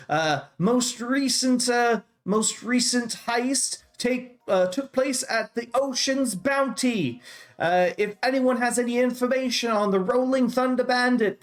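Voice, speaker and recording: A man voicing a male town crier who proclaims news to a crowd in a tabletop game. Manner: high, loud proclaiming calls.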